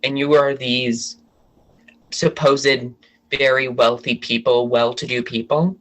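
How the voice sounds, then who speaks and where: A man's voice: medium pitch, level tone, slow pace, a bit bright, poor audio. Chatty man gossiping as podcast guest. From Washington DC area. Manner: chatty, rambling, self-correcting. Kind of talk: casual gossip chat.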